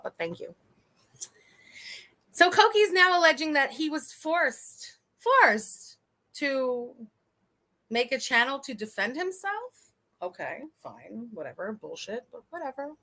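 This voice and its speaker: A woman's voice: sits high, sharp tone. A woman hosting a casual live stream, chatty and laughing often, swearing freely and talking to her chat.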